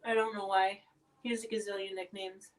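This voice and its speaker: A woman hosting a casual livestream at home, chatting while coughing and clearing her throat from spicy food. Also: medium pitch, level tone, a little fast, recorded from a distance. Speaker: livestream host reviewing spicy snacks.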